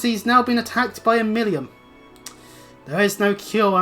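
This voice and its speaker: A woman's voice: medium pitch, a little slow, a bit bright, soft background music. Joking woman commenting on a game. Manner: joking, sarcastic asides. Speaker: let's play host. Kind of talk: casual gameplay commentary.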